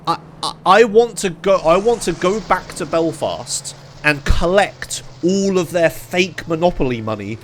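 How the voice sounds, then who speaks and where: A young man from England talks casually to his live-stream chat, his voice sitting a little high. He rants in animated disbelief, swearing often and laughing between remarks. A faint background noise sits under the desk-mic recording. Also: measured pace, hardly any pauses. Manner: animated, incredulous ranting with frequent swearing and laughs.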